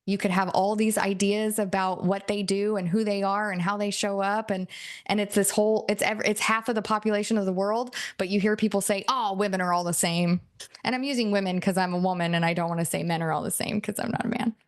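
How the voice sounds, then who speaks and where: A woman's voice: medium pitch, fairly even intonation, quick pace. Woman, coach, casual lesson, chatty, laughs, acted-out quotes. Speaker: NLP coach. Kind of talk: casual teaching talk.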